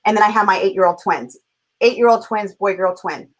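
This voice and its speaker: Middle-aged woman, from California, interview guest, passionate, emphatic, mid-pitched voice. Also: fairly quick, rough recording. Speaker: guest, parenting coach. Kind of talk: heartfelt conversational interview.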